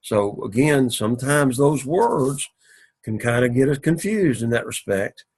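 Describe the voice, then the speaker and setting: A man teaching an introductory Greek class in a recorded lecture, speaking methodically, repeating and rephrasing each point, and sometimes pausing to clear his throat. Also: medium pitch, animated, a little mellow.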